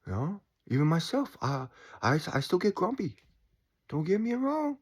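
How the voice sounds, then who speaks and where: A man in his forties talking in a calm, reflective way about staying chill, with sighs and quiet asides. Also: high-pitched, moderate pace, husky. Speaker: spiritual vlogger. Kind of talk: casual reflective monologue.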